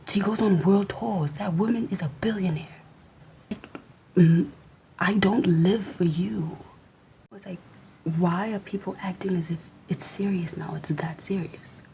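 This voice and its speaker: A woman's voice: fairly low pitch, unhurried, vocal fry, dark tone, a little hiss or hum, poor audio. A young adult woman vlogger ranting in a sassy, mostly whispered voice to her camera.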